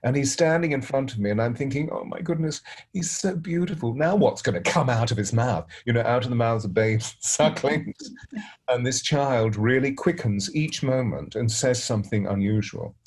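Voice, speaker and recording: A middle-aged man, a spiritual teacher, telling a story gently and unhurriedly, pausing and restarting often. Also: mid-range voice, slightly rough. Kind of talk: reflective storytelling.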